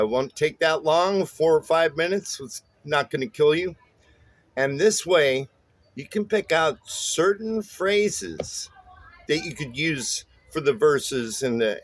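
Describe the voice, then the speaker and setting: A man with a voice on the high side teaches songwriting informally, his explanations loose and full of fillers such as "uh" and questions like "right?". The audio carries no echo.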